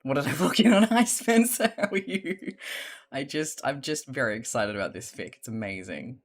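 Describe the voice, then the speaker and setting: A streamer chatting casually and reading fanfiction, gushing and excitable, with frequent swearing. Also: mid-range voice, a little fast.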